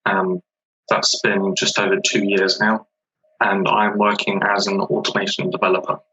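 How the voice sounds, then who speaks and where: A young man in his twenties, an automation developer, speaking in a measured, hesitant way with many fillers. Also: lowish voice, completely flat delivery, bright, forceful tone, breathy edge, muffled recording. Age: 20s. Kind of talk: casual webinar discussion.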